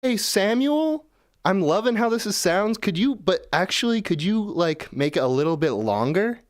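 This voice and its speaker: A man's voice: high voice, sing-song, normal speed, no room sound, studio quality, pitched above the performer's own voice. A man mocking a clueless eager amateur. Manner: fawning, pleading requests. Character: clueless eager male amateur music maker.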